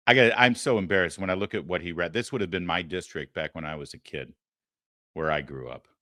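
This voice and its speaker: A man's voice: low-pitched, fairly quick, pushed and bright, no echo, clean studio sound. A middle-aged man hosting a talk show, giving sarcastic, mocking political commentary.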